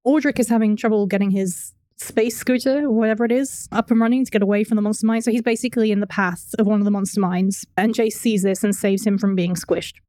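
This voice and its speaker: A woman's voice: mid-range voice, steady tone, fast, hardly any pauses, mellow, no room sound, clean studio sound. A woman co-hosting a podcast, recapping a cartoon in casual chat, laughing often and acting out the characters' lines. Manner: giggly, acts out characters' lines. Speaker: podcast co-host.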